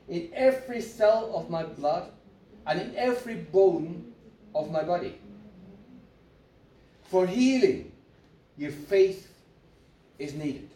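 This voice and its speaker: In an echoey room with the mic set far off, a man with a high-pitched, dark voice delivers a sermon. He repeats himself for emphasis and leads his congregation in call-and-response.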